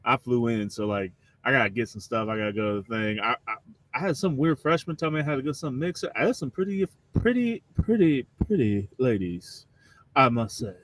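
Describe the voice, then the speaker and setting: A man's voice: mid-range voice, lively intonation, fairly quick, fairly bright tone, no room sound. A man voicing a laid-back young male college freshman with a Cajun accent and an easygoing drawl.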